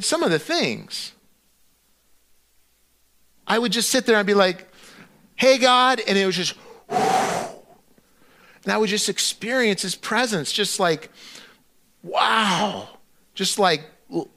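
A middle-aged male pastor gives a conversational sermon, acting out his own prayers to God with lots of restarts and fillers. His voice is high-pitched and a bit bright.

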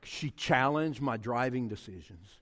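A man's voice: mid-range voice, animated, unhurried, fairly bright tone. A middle-aged man, preaching a humorous storytelling sermon and acting out his own story with mock quotes and sounds. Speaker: pastor. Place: church sanctuary. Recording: long hall reverb.

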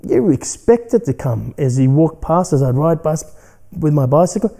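A man with a very dark, mellow voice delivers a spiritual self-help monologue as a podcast host. He sounds earnest and reflective, moving between quiet, near-whispered lines and firmer emphatic ones. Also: on the high side, sing-song, normal speed, gravelly.

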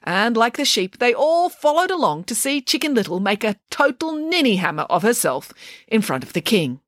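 A woman reading a children's story aloud as its storyteller, in an animated, playful way. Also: fairly high pitch, moderate pace, no room sound, clean studio sound.

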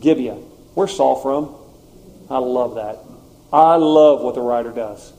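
Mellow-voiced male preacher. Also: medium pitch, unhurried. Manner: conversational, animated asides. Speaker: pastor. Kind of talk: sermon.

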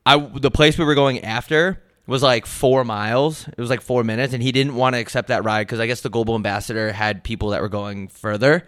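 A man's voice: mid-range voice, fairly even intonation, a little fast, hardly any pauses, a bit bright, no room sound, clean studio sound. A young man co-hosting a podcast, telling a story casually, swearing freely, his voice jumping up when he gets heated. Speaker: podcast co-host.

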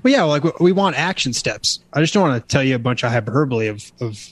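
A man's voice: medium pitch, animated, quick pace. A man guesting on a podcast interview, talking about his book in a casual, motivational way that turns preachy when he gets going. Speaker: guest author.

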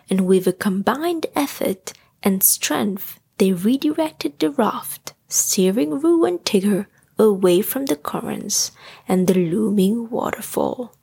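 A woman tells a bedtime story at a very slow, soothing pace, her voice soft and often whispered. The tone is husky and gravelly. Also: mid-range voice.

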